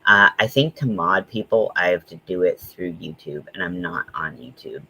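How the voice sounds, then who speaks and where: Low-voiced man chatting on a livestream. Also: bright, forceful tone, husky, poor audio. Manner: chatty, rambling, with frequent ums and quick asides. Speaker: host. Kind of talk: casual livestream chat.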